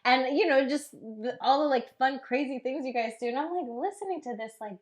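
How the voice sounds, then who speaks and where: A woman's voice: high voice, brisk. A woman from Puerto Rico co-hosting a podcast, chatting casually and laughing as she talks. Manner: expressive, laughing. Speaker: podcast co-host. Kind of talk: casual chat.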